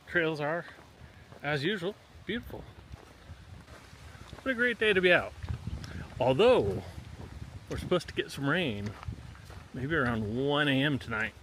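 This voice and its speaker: A man hiking outdoors on a forest trail, chatting casually to the camera as he walks, pausing often. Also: mid-range voice, pushed and bright, a little hiss or hum. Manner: chatty, unhurried, pauses often. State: panting on uphill. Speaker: hiker vlogger.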